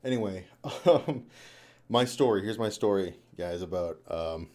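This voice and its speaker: Low, dark-voiced man rambling casually. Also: a little slow. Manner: rambling, swears a lot, laughs often. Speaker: live streamer. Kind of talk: casual live-stream chat. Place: home room.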